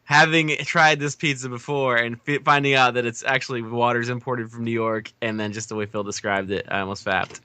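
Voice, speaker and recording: Very bright-voiced man, joking podcast host. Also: medium pitch, steady tone, brisk, hardly any pauses, clean tone, no room sound. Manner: jokey, hams up announcements. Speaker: podcast co-host running the versus question. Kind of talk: casual chat.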